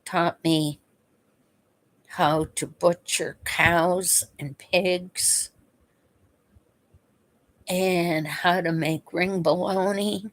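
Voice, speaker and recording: Slow, low-voiced woman reminiscing. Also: fairly even intonation. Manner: unhurried and reminiscing, chuckles between memories. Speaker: vlogger. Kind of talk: casual storytelling.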